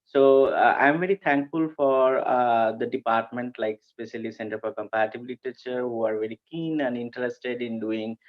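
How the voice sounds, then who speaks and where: A man, presenting a conference paper and pausing often with fillers and restarts. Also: medium pitch, steady tone, lo-fi sound. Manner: hesitant, frequent fillers and restarts. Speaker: academic presenter.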